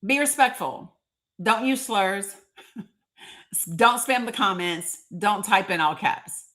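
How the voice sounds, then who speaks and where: A woman's voice: medium pitch, animated, takes it slowly, a bit bright. A woman with a Northeast Tennessee accent hosting a live stream, chatting emphatically and calling out commenters by name. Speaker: livestream host.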